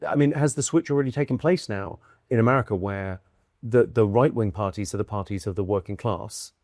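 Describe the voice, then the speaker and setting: Dry-witted British comedian musing aloud. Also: male voice, lowish voice, brisk, darkish tone, dry recording. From United Kingdom. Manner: thoughtful, restarts often, dry wit. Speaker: comedian guest. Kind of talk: casual conversation. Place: indoor room in London.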